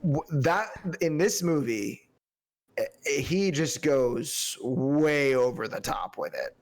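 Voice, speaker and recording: A man's voice: mid-range voice, slow. A man co-hosting a casual film review podcast, talking loosely, swearing freely and slipping into mock accents. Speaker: podcast co-host.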